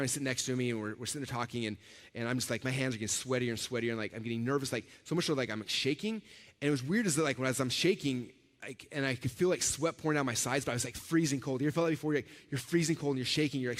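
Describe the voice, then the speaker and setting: A man giving a storytelling keynote at a conference. He talks in an animated way and acts out the voices of the people in his stories. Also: medium pitch. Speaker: conference speaker. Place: large event hall with a live audience. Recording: reverberant hall recording.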